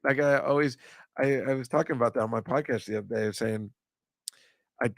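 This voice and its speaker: A man's voice: medium pitch, brisk, vocal fry, no room sound, clean studio sound. A man chatting casually as a comedian co-host, rambling and joking, laughing often. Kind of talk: casual chat on a live-streamed show.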